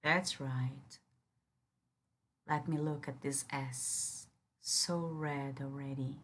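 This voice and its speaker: A woman's voice: very deep voice, fairly even intonation, very slow, long pauses, slight background noise. A woman in an audio role-play who speaks straight to the listener as a firm, commanding yet caring partner.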